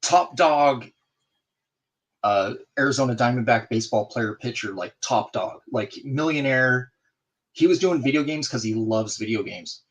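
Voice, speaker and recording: A man's voice: medium pitch, measured pace. Man telling a story, doing the voices. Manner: animated, acts out both sides of a conversation. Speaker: guest in a group video chat. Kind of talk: casual storytelling.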